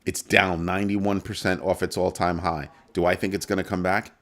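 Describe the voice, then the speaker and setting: Hosting an informal crypto show on a live stream, a man with a low voice talks at normal speed. He walks through the numbers, veering between calm and theatrical panic.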